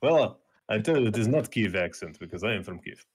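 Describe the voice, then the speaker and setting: Grave Ukrainian father, played by a man in a tabletop game, low voice, halting broken English, Ukrainian accent. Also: animated, slightly rough. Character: weary Ukrainian male factory worker, desperate father. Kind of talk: tabletop role-play in character.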